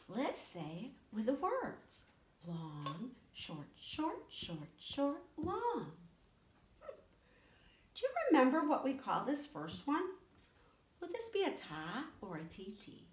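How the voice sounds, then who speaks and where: A woman music teacher giving a children's lesson, talking to young kids in a slow, sing-song way. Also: high voice. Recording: echoey room with faint noise.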